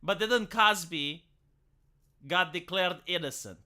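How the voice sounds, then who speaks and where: A man's voice: high voice, slow pace, pushed and bright. A man, a live streamer rambling through an opinionated, sarcastic late-night rant, swearing casually as he goes.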